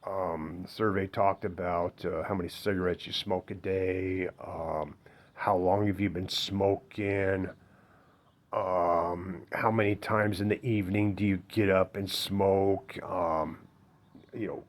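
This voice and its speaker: Middle-aged man, very low voice, blunt, rambling, unpolished vlog delivery. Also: steady tone, slow pace. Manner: blunt, rambling, heavy fillers, swears. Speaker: former smoker giving advice. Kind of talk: casual personal vlog.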